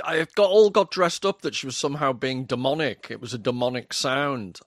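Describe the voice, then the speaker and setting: A man on a panel, speaking in a sardonic, deliberate way. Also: mid-range voice, fairly bright tone, no echo, clean studio sound. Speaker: panel guest. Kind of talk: panel discussion.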